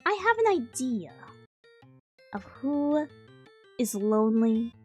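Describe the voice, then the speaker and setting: A high-voiced woman streamer rambling in animated, self-interrupting casual chat. Faint music plays behind her. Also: slow pace, slightly rough. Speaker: vtuber streamer.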